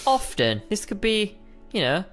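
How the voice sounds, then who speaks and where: A young man co-hosts a casual Minecraft session, bantering playfully and calling his friend mate. His pitch swings about a lot as he talks. Faint music plays underneath. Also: sing-song, measured pace, fairly bright tone. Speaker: gaming co-host. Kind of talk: casual Minecraft let's play chat.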